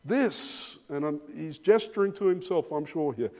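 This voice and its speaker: A man's voice: a little high, lively intonation, normal speed, warm tone. A man preaching an expository sermon, emphatic and given to repeating words as he starts phrases. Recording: long reverb of a large hall.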